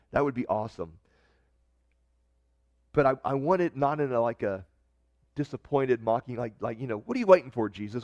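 A man's voice: medium pitch, a little mellow, dry recording, highs cut off. A man preaching a sermon in a conversational way, reading scripture and often restarting his sentences. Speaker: pastor.

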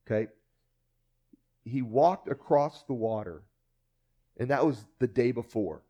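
A man preaching a sermon with animated delivery, acting out the voices of people he quotes and often repeating words. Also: medium pitch, measured pace. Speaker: pastor.

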